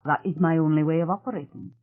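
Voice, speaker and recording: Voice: medium pitch, quick pace, lightly acted. A narrator voicing a very tall, strange man who talks frankly and bluntly with odd politeness, over a tinny phone-like sound.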